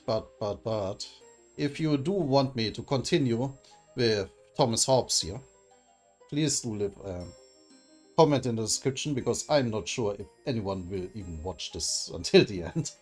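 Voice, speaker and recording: A man's voice: mid-range voice, lively intonation, a little slow, faint music behind. A young man giving casual, hesitant, rambling commentary on a game he is playing. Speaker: gaming video host.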